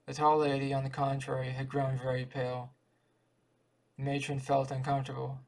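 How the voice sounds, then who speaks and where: A man reading a short story aloud in a steady, even way. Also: medium pitch, normal speed, rough recording. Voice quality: gravelly. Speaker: audiobook reader.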